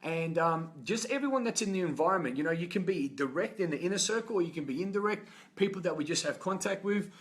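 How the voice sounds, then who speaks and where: A man's voice: sits high, expressive, fast talker. Fervent, profane man. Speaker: motivational coach. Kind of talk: live-stream motivational talk. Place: hotel, indoors.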